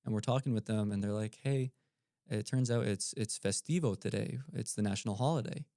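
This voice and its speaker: Podcast guest, man, low gravelly mellow voice, easygoing storyteller, dry close sound. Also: a little fast, no echo. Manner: relaxed, animated storyteller with filler ums. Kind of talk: casual storytelling.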